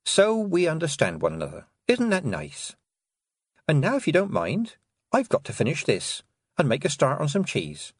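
Guy reading as a calm firm young witch girl, measured, lifts his voice, dry and husky. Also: a little high, no echo, pitched above the performer's own voice, full character voice.

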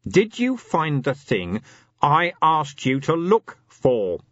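A man's voice: on the high side, huge pitch swings, slow, fairly bright tone, no room sound, dull audio, voice pushed up, full character voice. A man voicing a steely, level-voiced, blunt male police commander in an audiobook reading.

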